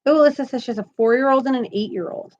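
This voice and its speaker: A woman in her thirties hosts a live crochet stream from home, giggling and chatting as she reads viewers' comments aloud. Her high, slightly mellow voice goes very fast, and the recording has its highs cut off.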